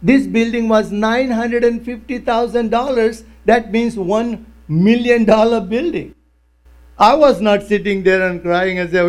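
A male pastor preaching a sermon in non-native English, telling stories with lively, broken phrasing. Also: high-pitched, a little slow. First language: not English. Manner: animated storytelling with broken grammar.

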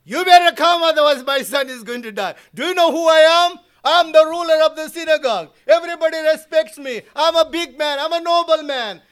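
A man preaching puts on the voice of a proud male nobleman who loudly demands to be obeyed. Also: very high-pitched, pitched above the performer's own voice. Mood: demanding. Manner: loud, fast and insistent.

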